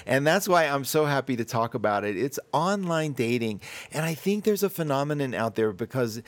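A man hosts a relaxed panel talk, rambling and laughing as he goes. His voice sits at an ordinary pitch. It comes through a dry, close mic with no room sound. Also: normal speed, dry recording. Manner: chatty, rambling, laughs often. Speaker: host. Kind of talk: casual panel chat. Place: Colorado mountains.

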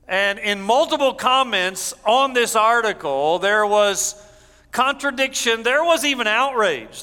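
A man preaching a sermon as pastor, measured, going low and soft when he reads scripture. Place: church sanctuary. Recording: church hall reverb.

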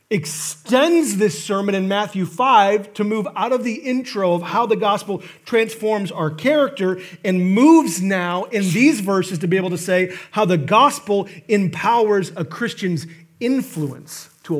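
Husky, animated male preacher. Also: sits high. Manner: animated storytelling with emphatic bursts and asides. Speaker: guest pastor. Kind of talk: sermon.

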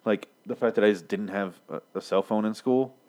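A man's voice: on the low side, brisk, mellow. A man in his thirties giving a rambling, profane casual recap of a TV episode, slipping into characters' lines. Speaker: show recapper.

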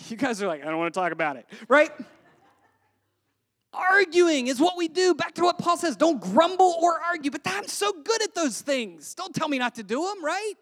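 A woman pastor giving a sermon in a conversational, joking way, full of rhetorical questions and dropping to a hush on scripture. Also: extremely high pitch, expressive, normal speed, no echo, studio quality.

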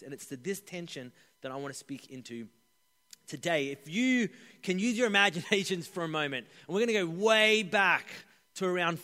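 Animated pastor preaching in an echoey hall. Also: male voice, fairly high pitch. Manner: animated preaching, swelling for emphasis, hushed on key points. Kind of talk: sermon.

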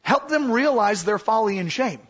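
A high-voiced, husky man teaches scripture to a class in a casual, animated way, acting out the voices he quotes. The recording sounds dull and lo-fi. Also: normal speed. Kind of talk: Bible teaching.

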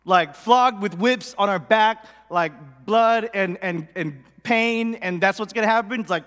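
Brief: male preacher, high voice, chatty storytelling sermon, long hall reverb. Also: unhurried, hardly any pauses. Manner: animated, conversational storytelling with many 'like' fillers.

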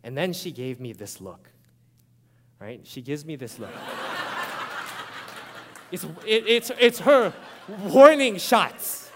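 A man preaching a sermon as a pastor, animated and conversational, often checking in with his listeners. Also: a little high, takes it slowly, long pauses, in a large hall, background noise.

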